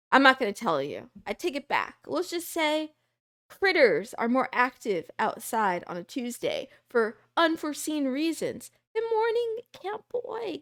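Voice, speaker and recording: A woman's voice: a little high, no room sound, clean studio sound. A young adult woman streamer chatting casually and playfully with her live chat, rambling from topic to topic. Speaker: VTuber streamer.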